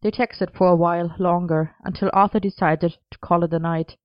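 A woman reading a story aloud as narrator, gentle and even. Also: on the low side, normal speed, few pauses. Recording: dull lo-fi dry recording.

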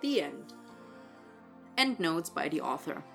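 A woman reading fiction aloud in an even, expressive storytelling style. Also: low voice, slow, gravelly, faint music behind. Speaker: narrator.

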